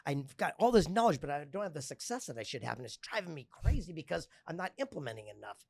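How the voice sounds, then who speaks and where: A man's voice: fairly high pitch, very animated, quick pace, gravelly, husky, no echo, heavily acted. A man voicing a frustrated young male entrepreneur in his story, stammering anxiously.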